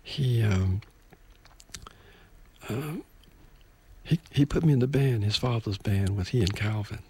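A man's voice: on the low side, takes it slowly, darkish tone, slightly rough. A man in his sixties, a musician guest on a live radio interview, talking in long rambling stretches and apologizing for going on. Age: 60s. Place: radio studio.

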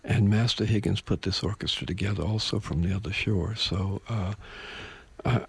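A man's voice: fairly low pitch, moderate pace, gravelly, slightly rough. A man in his sixties, a musician guest on a live radio interview, talking in long rambling stretches and apologizing for going on. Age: 60s. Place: radio studio.

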